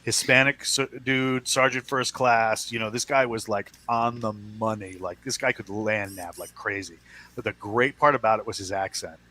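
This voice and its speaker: A man's voice: on the low side, fairly even intonation, normal speed, pushed and bright. A man on a podcast panel, chatting casually from home, telling stories with frequent laughs and lots of "uh" fillers. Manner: laughs often, many fillers, storyteller. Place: at home, wife in next room.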